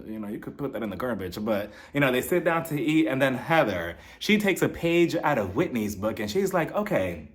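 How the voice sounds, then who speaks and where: A man giving a casual recap of a reality show, animated and sassy, acting out quotes and laughing often. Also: mid-range voice, brisk, hardly any pauses.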